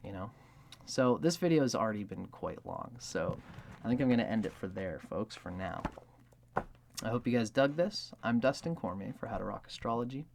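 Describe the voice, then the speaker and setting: A man's voice: lowish voice, lively intonation, normal speed, vocal fry, a little mellow, slight background noise. A man hosting an astrology video, talking in a casual, rambling way with many filler words and acting out quoted lines. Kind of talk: casual explanatory monologue.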